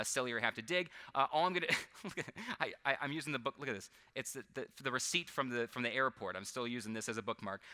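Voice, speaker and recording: A man's voice: mid-range voice, pushed and bright, clean tone. A man performing a live comedic mind-reading act on a convention stage, chatty and self-deprecating, laughing often as he works with audience volunteers. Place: large convention hall stage.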